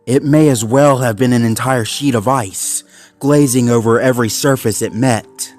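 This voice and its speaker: A man reading a horror fan story aloud in a measured, ominous way. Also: medium pitch, a little mellow. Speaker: narrator. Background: faint background music.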